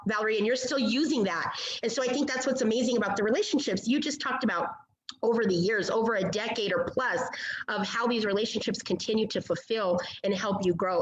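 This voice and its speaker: An upbeat woman moderates a webinar panel, encouraging and chatty, her voice at an ordinary middle pitch. The video call audio is roomy, with a clear echo around her. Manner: upbeat, encouraging, many fillers. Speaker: chamber of commerce moderator.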